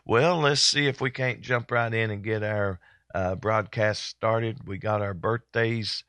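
Folksy older man, very deep. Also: steady tone, a bit bright, no room sound. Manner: folksy, rambling with many pauses and fillers. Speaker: church broadcast host. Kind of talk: casual chat.

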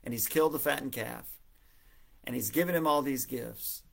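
Man doing a chatty servant, gossipy, amused, gravelly. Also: medium pitch, normal speed, lightly acted.

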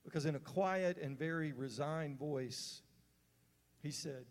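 A man's voice: a little high, measured pace. A man giving a sermon as a story, in an earnest, conversational way with fillers and restarts. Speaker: preacher. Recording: long hall reverb.

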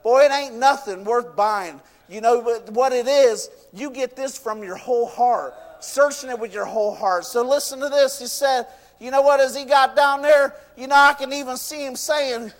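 High-voiced fervent man preaching. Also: normal speed. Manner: fervent, repeats "you know what" and "I tell you". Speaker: pastor. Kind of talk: sermon. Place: church. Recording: long reverb of a church hall.

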